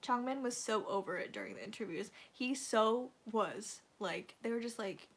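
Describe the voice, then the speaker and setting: Female livestream host, a touch high-pitched; loose, filler-heavy, gushing fan chatter. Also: expressive, moderate pace. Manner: rambling, gushing fan talk full of fillers. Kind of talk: casual livestream chat with viewers.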